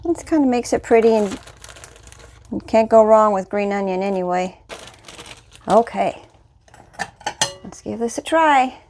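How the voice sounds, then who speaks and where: A woman's voice: medium pitch, measured pace, pauses often, a little mellow, slight background noise. A woman hosting a casual home cooking video, chatting through the steps and tasting the dish on camera. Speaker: cooking channel host.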